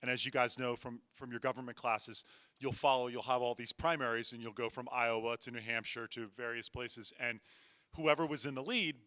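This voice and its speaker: A man's voice: mid-range voice, pushed and bright, no room sound. A man hosting a school talk, casually explaining things to the students. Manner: conversational, addressing students. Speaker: interviewer at a school event.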